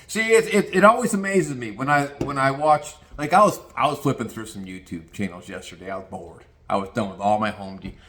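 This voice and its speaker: A man's voice: mid-range voice, fairly quick, few pauses, fairly bright tone, slight background noise. An older retired man ranting crudely and mockingly in a casual monologue, telling stories and slipping into put-on voices. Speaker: vlogger. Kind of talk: casual rant.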